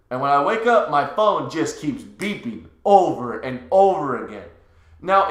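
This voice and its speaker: A man co-hosting a podcast, telling a story in a relaxed, laughing way with casual swearing. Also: a little high. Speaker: podcast co-host. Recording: echoey room.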